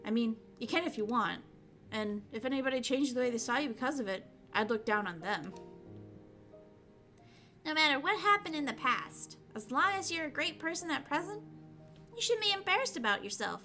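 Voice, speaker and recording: A woman's voice: big pitch swings, normal speed, sharp tone, soft background music, full character voice. A woman voicing a spirited, loyal teenage girl while reading a visual novel aloud. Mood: earnest. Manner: earnest, reassuring, high-spirited.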